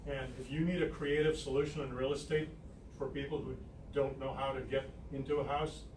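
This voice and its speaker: A man introducing himself as a real estate agent at a team meeting, calm and dryly confident. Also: mid-range voice, fairly quick. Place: office meeting room. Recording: echoey room from far off, loud noise.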